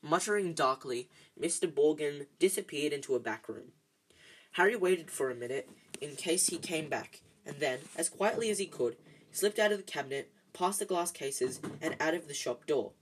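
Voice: medium pitch, animated, normal speed, slight background noise, rough recording. A podcast host reading a story aloud at home, talking casually with fillers and stumbles.

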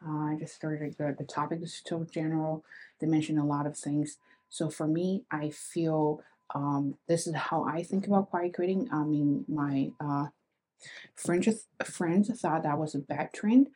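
A woman talks through her thoughts on her own podcast in a relaxed monologue. Her voice sits fairly low with a mellow, warm tone. She keeps it reflective and conversational, asking her listeners rhetorical questions. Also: measured pace. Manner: reflective, asks rhetorical questions, often adds "right?". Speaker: podcast host. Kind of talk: casual solo podcast monologue.

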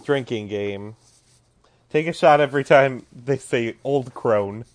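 A man's voice: medium pitch, slow. A young man co-hosting a casual movie chat, making dry, wry remarks about the plot. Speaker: podcast co-host.

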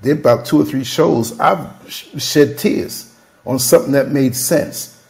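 A man's voice: medium pitch, unhurried, creaky, darkish tone. A man hosting a candid podcast conversation, telling stories in an emphatic, emotional, freewheeling way. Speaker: podcast host.

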